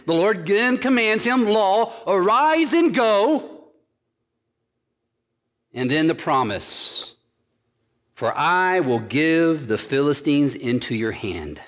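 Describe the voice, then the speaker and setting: High-voiced preacher in an echoing hall. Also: male voice, a bit bright. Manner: emphatic preaching with repeated phrases. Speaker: pastor. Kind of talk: sermon.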